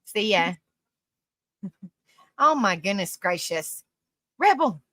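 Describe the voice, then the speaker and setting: Bright-voiced woman hosting a chatty livestream. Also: mid-range voice, sing-song, takes it slowly, no room sound. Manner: laughs often, rambling with frequent restarts; affectionate, calls people honey and sweetie. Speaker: live stream host. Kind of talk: casual live-stream chat, reading comments aloud.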